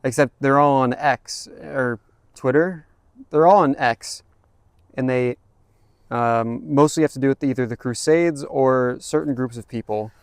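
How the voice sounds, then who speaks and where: A man co-hosting a podcast in casual chat, making offbeat deadpan remarks. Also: medium pitch, measured pace, smooth, dry recording, clean studio sound. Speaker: podcast co-host.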